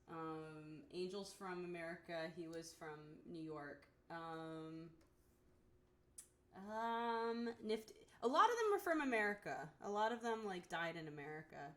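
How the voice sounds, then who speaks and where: A woman hosting a casual live stream, answering fan questions with a hesitant, laughing manner. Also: fairly low pitch. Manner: laughing, hesitant with many ums. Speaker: streamer and show creator.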